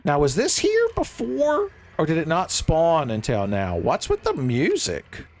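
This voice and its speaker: A man giving casual, jokey let's-play commentary, rambling and breaking into excitable outbursts. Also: a little high, a little slow. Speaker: gaming streamer.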